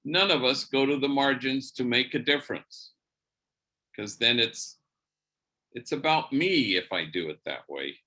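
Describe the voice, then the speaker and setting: A man, a priest, telling a story in a church lecture, animated and sprinkled with Spanish slang words. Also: medium pitch, measured pace.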